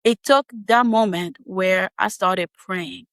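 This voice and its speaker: A woman guest on a podcast, telling a personal story in a casual, animated way with frequent laughs and quick asides. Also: mid-range voice, no room sound.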